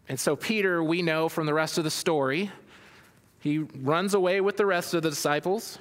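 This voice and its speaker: A man delivers a sermon, first reading a scripture passage aloud and then explaining it. His voice sits a little high for a man, and he often restarts his phrases as he thinks aloud. A long reverb trails his words, as in a large hall. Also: moderate pace. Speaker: pastor.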